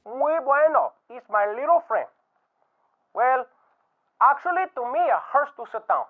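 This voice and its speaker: A man voicing a bumbling male Cuban professor on a phone call, with a put-on Spanish accent and a halting, confused way of talking. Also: extremely high pitch, animated, voice pushed up. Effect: telephone filter. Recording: tinny phone line.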